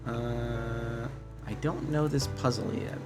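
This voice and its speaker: A man's voice: medium pitch, fairly even intonation, slow. A man casually streaming a game, thinking aloud and reading chat, often repeating himself. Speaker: livestreamer. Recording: guitar music playing under voice.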